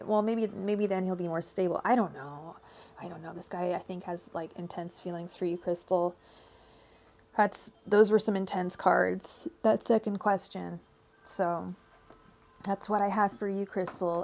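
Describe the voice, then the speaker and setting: A young woman from the United States giving live tarot readings on a stream, chatty and quick to laugh, who chants her invocations to the cards in an even, repeating rhythm. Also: medium pitch, a little hiss or hum. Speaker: tarot reader.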